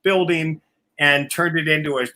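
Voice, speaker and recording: His fairly high voice is bright and forceful, with fairly even intonation and a moderate pace, and there's a little hiss or hum in the audio. On a casual live video call he tells wild road stories, laughing often, swearing freely, and imitating others. His family is from Oklahoma.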